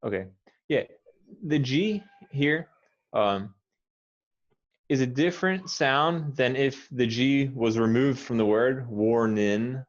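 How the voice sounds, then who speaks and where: A man with an American accent, teaching pronunciation and patiently modelling words slowly, one at a time. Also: mid-range voice. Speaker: English teacher. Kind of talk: pronunciation coaching. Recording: dull lo-fi audio.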